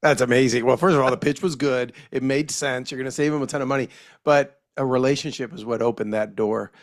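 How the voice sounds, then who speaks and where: Podcast host asking follow-up questions. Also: male voice, medium pitch, fairly even intonation, fast talker. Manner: encouraging, asks follow-up questions. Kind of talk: interview conversation.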